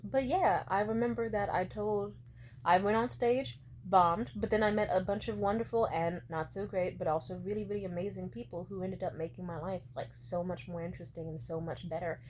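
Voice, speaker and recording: A woman's voice: medium pitch, fairly even intonation, a little fast, a little mellow, a little hiss or hum. A woman in her twenties telling a story in a casual vlog, rambling and swearing freely with lots of "like". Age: 20s. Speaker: vlogger.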